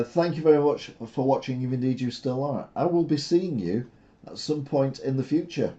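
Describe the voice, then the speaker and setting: A man's voice: medium pitch, warm tone. An older man hosting a live stream in a casual, sarcastic, rambling way, full of fillers. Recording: dull lo-fi stream audio.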